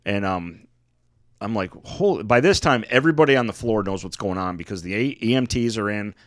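A man's voice: on the low side, fairly quick, dry recording, clean studio sound. A man in casual podcast chat, telling a profane story about a past job. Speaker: podcast co-host.

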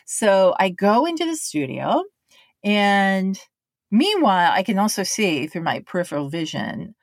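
A woman's voice: medium pitch, unhurried, no echo, studio quality. A woman who works as a voice actor, telling stories casually and acting out other people's lines. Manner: animated, acts out other people's lines in quotes. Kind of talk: casual storytelling to camera.

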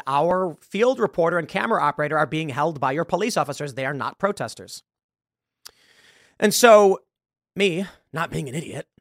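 A man's voice: a little high, a bit bright, no room sound, studio quality. A man hosting a podcast, telling a long story and acting out the dialogue. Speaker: show host. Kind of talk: podcast monologue.

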